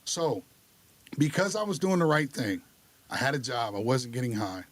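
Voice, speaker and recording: A man's voice: mid-range voice, normal speed. A man telling his recovery story on a podcast in a candid, casual way. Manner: candid, lively retelling with acted dialogue.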